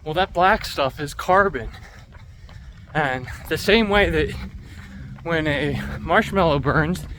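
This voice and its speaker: Running outdoors on hot city streets, a man vlogs casually to the camera he carries, chatting and joking while out of breath. His voice is a little high with a sharp tone, and there's slight background noise.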